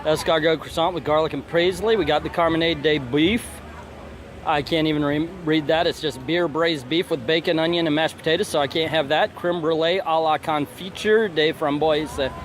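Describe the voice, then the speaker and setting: A man's voice: on the high side, steady tone, normal speed, slight background noise. A man hosting a casual food vlog outdoors at a theme park festival, joking and reading menu items aloud. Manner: jokey, chatty, reads menu items aloud. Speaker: vlogger host. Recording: outdoor festival with loud background music. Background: music playing nearby.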